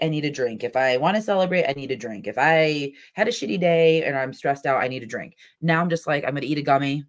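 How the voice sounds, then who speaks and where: A woman co-hosting a casual podcast chat, talkative and profane, laughing often. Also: low-pitched. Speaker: podcast co-host.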